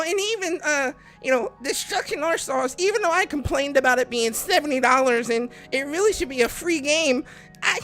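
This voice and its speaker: A man doing a whiny, nerdy male gamer who complains haltingly, full of fillers. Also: extremely high pitch, sharp tone, voice pushed up, exaggerated voice.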